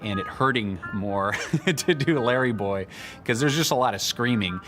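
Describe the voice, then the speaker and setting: A man who worked as voice actor and sound editor, recalling the work in a halting interview manner. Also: mid-range voice, lively intonation. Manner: halting recollection with restarts. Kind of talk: behind-the-scenes interview. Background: music.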